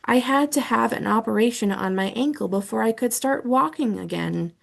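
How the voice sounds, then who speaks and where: A woman voicing a kind, middle-aged female schoolteacher who gently explains things to her class. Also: on the high side, expressive, normal speed, gravelly, exaggerated voice. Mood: fond.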